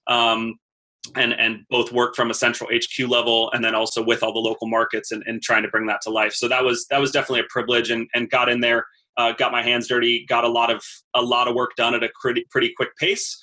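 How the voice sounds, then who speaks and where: A man's voice: mid-range voice, quick pace. A man in his thirties, a podcast guest, talking casually about his work and repeating words as he finds his thoughts. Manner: repeats words as he thinks, steady storytelling. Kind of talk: casual interview talk.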